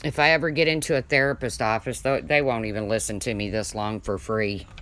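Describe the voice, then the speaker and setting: Deep-voiced chatty woman on a livestream. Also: steady tone, brisk, fairly bright tone. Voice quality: deep voice that people mistake for a man's. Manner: chatty, reads viewer comments aloud, swears casually. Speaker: livestream host. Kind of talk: casual livestream chat with viewers.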